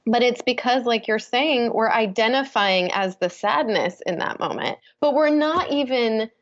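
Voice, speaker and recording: A woman's voice: fairly high pitch, normal speed, highs cut off. A woman coach, a guest on a podcast, talking in an earnest, flowing way with many fillers. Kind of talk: casual interview talk.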